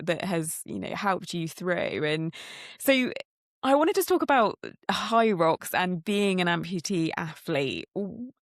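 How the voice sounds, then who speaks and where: A woman's voice: on the low side, no room sound, studio quality. A woman hosting an interview podcast, encouraging her guest and summing up his story. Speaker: podcast host.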